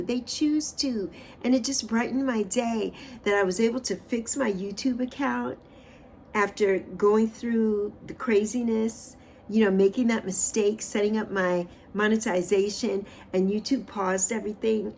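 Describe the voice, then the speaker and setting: An expressive woman in her sixties gives an uplifting tarot reading on her livestream. Her voice sits at a middle pitch and swings up and down and louder and softer as she repeats key phrases slowly. A faint noise runs under the recording. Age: 60s. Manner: repeats phrases, drawn-out affirmations. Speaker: spiritual livestream host.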